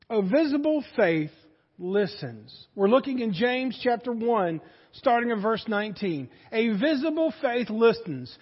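A man preaching a Sunday sermon, his voice pitched very high for a man. He tells homespun stories and builds to loud points of emphasis. The sound is dull and muffled, with long reverb from a church sanctuary. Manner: folksy storytelling preacher, rising to loud emphasis. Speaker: pastor.

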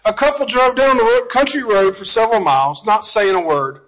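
A man's voice: high-pitched, brisk, muffled recording. A middle-aged man preaching a sermon, telling folksy stories and jokes and talking to the congregation. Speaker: pastor. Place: church sanctuary.

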